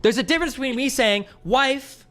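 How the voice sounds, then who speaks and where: A man's voice: extremely high pitch, brisk, a bit bright, soft background music. A man debating heatedly, interrupting insistently and pressing his points in an argumentative way.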